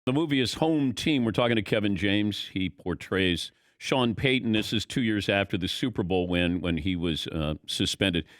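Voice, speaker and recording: A man's voice: on the low side, moderate pace, hardly any pauses. A man hosting a talk show, interviewing a guest in a teasing, joking way.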